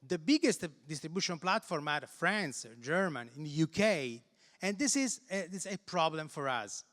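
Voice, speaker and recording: Italian man, non-native English, conference speaker; high voice, stop-start delivery, echoing hall. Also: animated, fairly bright tone. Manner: halting, repeats words while searching for English phrasing. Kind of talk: conference presentation. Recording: reverberant hall.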